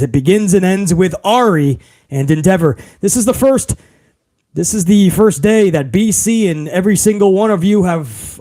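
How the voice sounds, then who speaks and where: A man's voice: high voice, a little mellow. A tired man hosting a live podcast, talking in a rambling, sarcastic way. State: tired after a long day. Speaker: podcast host.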